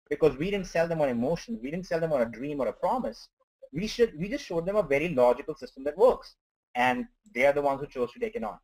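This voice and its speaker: A man's voice: a little high, lively intonation, quick pace, a little mellow, poor audio. A man with an Indian accent, a company co-founder, presenting on an online webinar in an earnest way, often starting with okay. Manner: repetitive, earnest, says okay a lot.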